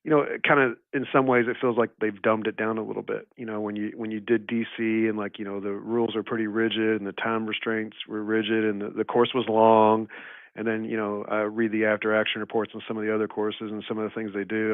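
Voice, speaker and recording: A man's voice: on the low side, little pitch movement, a little fast, dry recording. A man rambling through stories in an easygoing podcast chat, leaning on "you know" and "like" as he goes. His voice comes through a thin, phone-like line with no room sound around it. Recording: tinny phone-like line, dry.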